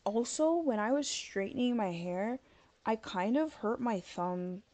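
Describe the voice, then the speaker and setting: A woman with a warm, expressive, medium-pitched voice speaks at a measured pace in a dry recording. Streaming a game live late at night, she chats and rambles, filling sentences with "like," and sounds tired and yawny.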